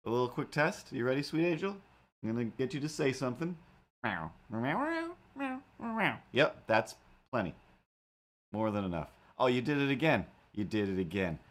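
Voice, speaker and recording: A man hosting a casual livestream, rambling and talking to his streaming software and his animated cat helper. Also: medium pitch, a little fast. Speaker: livestream host and cartoonist.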